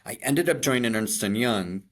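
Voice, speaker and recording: Here a Chicago-accented, middle-aged podcast co-host from Chicago speaks with medium pitch at a normal speed. He spins animated, self-deprecating stories conversationally, often starting lines over.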